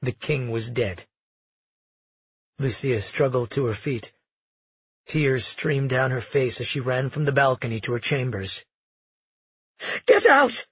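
A man narrating an audiobook in a measured, dramatic storytelling manner. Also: medium pitch, husky, no room sound, highs cut off.

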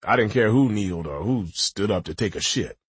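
A man's voice: on the low side, animated, fairly quick, husky, no room sound. A man narrating a gritty first-person audiobook with a wry storytelling manner.

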